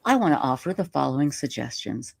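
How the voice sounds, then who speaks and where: A woman live streamer telling a story in casual interview chat, animated and self-mocking, laughing often. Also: rumbling low, fairly quick, vocal fry, dry recording. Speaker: YouTube live streamer reading a letter.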